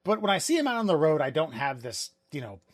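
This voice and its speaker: A man's voice: on the high side, very animated, quick pace, dry recording, clean studio sound. A middle-aged man co-hosting a casual podcast, rambling and laughing often as he talks. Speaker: podcast co-host.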